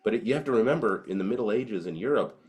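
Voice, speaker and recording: This podcast co-host talks fast in a lowish, darkish voice with lively intonation. He's indoors at a home setup, swearing freely and filling his relaxed chat over cigars and whiskey with plenty of fillers.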